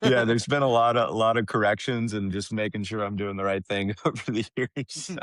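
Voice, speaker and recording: Young man telling a story, deep voice. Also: a little fast, no echo. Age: young adult. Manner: animated, laughs often, restarts phrases. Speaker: caddie, podcast guest. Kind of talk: casual storytelling interview.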